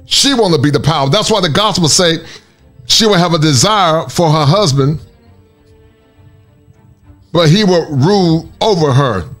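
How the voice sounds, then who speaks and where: A man's voice: fairly high pitch, expressive, unhurried, pauses often, a bit bright, faint music behind. A man hosting a commentary channel, reacting to clips with laughter and preachy asides to his viewers.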